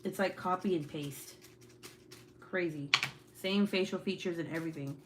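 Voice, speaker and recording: A woman's voice: fairly low pitch, normal speed, noisy background. A mother chatting casually with her viewers, joking about her kids, laughing often and swearing freely in slangy talk. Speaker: livestream host chatting with viewers; mother of several young kids. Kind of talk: casual chat.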